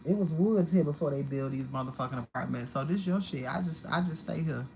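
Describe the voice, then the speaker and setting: A woman's voice: low-pitched, brisk, a little mellow, a little hiss or hum, poor audio. A woman giving a live-streamed tarot card reading at home, talking in a blunt, profane and repetitive way. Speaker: tarot reader. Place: home apartment.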